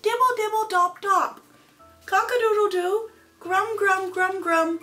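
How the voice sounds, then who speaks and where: A woman putting on a squeaky weird storybook voice. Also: steady tone, sharp tone, far from the mic, faint music behind, full character voice. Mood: playful singsong. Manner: exaggerated sound effects, slow sing-song delivery. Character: strange high-voiced storybook reader, singsong and odd. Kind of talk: storybook reading in a put-on voice.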